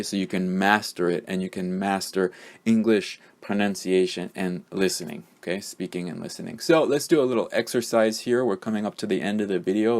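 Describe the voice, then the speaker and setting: Patient low-voiced male English teacher. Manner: patient, explains step by step with frequent fillers. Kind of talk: pronunciation lesson.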